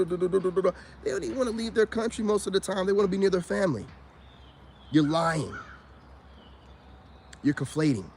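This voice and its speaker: A man, ranting to camera in an animated, preachy monologue. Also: slight background noise. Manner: animated, preachy, rising to high-pitched exclamations. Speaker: vlogger.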